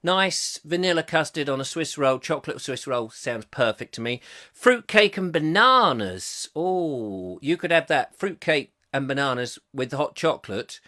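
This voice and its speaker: Hosting a comic live chat show, a middle-aged man reads viewer comments aloud and rambles jokily in between, slipping into silly voices. His voice is a little high, animated, pushed and bright, at a measured pace.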